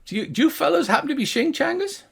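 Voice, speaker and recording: A fretful little gnome sentry, high and strained, tripping over every sentence with uhs and restarts, as a gravelly-voiced man puts him on. He sounds bumbling and anxious rather than fierce. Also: very animated, fast talker, over a noisy crowd, exaggerated voice. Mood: flustered. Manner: hesitant, rambling, full of uhs and repeats. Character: bumbling nervous male gnome guard.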